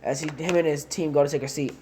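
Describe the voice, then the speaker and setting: A woman's voice: low voice, steady tone, fast talker, warm tone, a little hiss or hum. A woman casually narrating a fan-made story in long, rambling run-on sentences.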